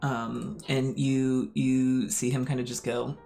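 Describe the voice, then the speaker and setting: A man narrating as game master, halting with many fillers. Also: medium pitch, little pitch movement, vocal fry, warm tone, soft background music.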